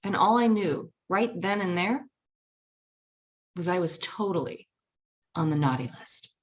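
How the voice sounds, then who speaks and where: A woman telling a personal story on stage in a lively, animated way, acting out the voices of people in it and laughing often. She sounds like a mother recounting family memories. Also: fairly low pitch, measured pace.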